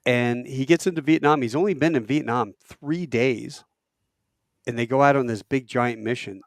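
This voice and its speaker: A man, a podcast guest, telling war stories in a lively way, acting out quotes with halting restarts. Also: medium pitch, dry recording, clean studio sound. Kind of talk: animated war storytelling.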